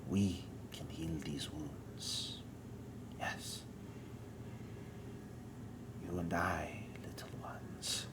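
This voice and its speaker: A man voicing an ancient male forest spirit in a whispered role-play, with slow, solemn, villainous monologuing. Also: low voice, fairly even intonation. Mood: ominous.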